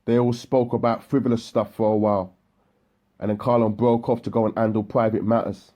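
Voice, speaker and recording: A man reading an audiobook in a steady, matter-of-fact narration. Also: on the low side, a little fast. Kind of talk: scripted narration. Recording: electronic music bed underneath.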